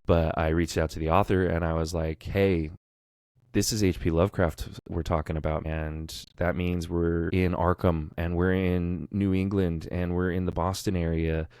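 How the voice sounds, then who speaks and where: An enthusiastic man co-hosts a relaxed podcast and talks eagerly about character work. His voice sits very low. It is recorded close and dry, with no room sound. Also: clean tone, dry recording. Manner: enthusiastic, nerdy, talks fast when excited. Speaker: podcast co-host, audiobook narrator. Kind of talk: casual podcast chat.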